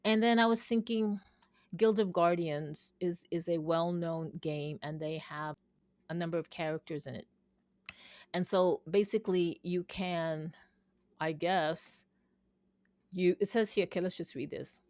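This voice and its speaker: A woman's voice: lowish voice, fairly even intonation, a little slow, a little mellow, no room sound. A woman talking casually in a vlog, thinking aloud, rambling and reading things off her screen. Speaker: vlogger.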